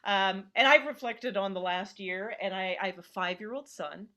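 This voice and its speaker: A woman's voice: medium pitch, moderate pace, bright, forceful tone. A middle-aged woman hosting and telling wry stories over a video call in a chatty stand-up comedy style. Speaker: comedian host.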